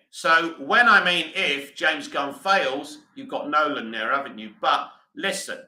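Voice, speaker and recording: A man's voice: on the high side, pushed and bright, roomy sound, rough recording. A British man hosting a live stream, reading comments aloud and answering them bluntly in casual chat.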